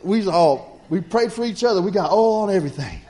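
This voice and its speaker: A middle-aged man, preaching a sermon in a folksy storytelling way that builds to loud exhortation. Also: sits high, expressive, a little fast.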